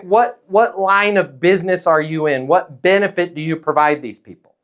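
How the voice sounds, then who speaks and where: A man coaching sales in a blunt, energetic way, often acting out phone calls and client replies. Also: high-pitched, normal speed. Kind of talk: live sales coaching talk.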